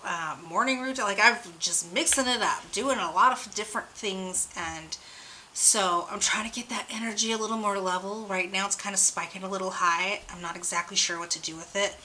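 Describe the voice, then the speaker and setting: A woman's voice: medium pitch, normal speed, bright, forceful tone, slight background noise, rough recording. A young adult woman hosting her own channel, chatting casually and rambling a little in a bubbly, slightly hyper way while she reads oracle cards. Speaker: oracle card reader and channel host.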